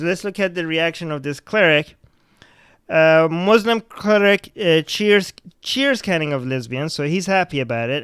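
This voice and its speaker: Man podcast host who is a non-native English speaker: pitched a bit high, smooth, clear voice, dry close sound, ranting and swearing. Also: a bit bright, no echo. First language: not English. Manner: blunt, profane and ranting. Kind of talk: casual news commentary reading viewer comments.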